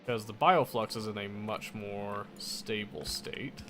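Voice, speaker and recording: A man's voice: on the low side, takes it slowly, fairly bright tone, slight background noise. A man casually commenting on his own gameplay, muttering to himself and correcting his mistakes as he goes. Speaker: gameplay streamer.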